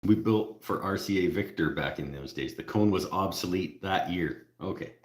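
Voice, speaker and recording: A man's voice: low-pitched, normal speed, roomy sound. A Canadian man with a Canadian accent, hosting a casual live stream, joking with viewers and laughing at his own jokes. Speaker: livestream host.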